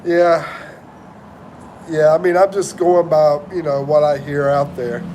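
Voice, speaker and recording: A man's voice: on the high side, little pitch movement, unhurried, dark tone, a little hiss or hum. A man hosting a casual livestream, reading viewer comments aloud and greeting them, while he recovers from the flu and sounds congested. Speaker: livestream host.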